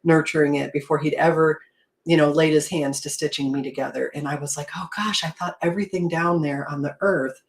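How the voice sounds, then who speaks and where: A woman's voice: low voice, steady tone, brisk. A woman hosting a casual faith talk, telling her story in an earnest, reflective way. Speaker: host.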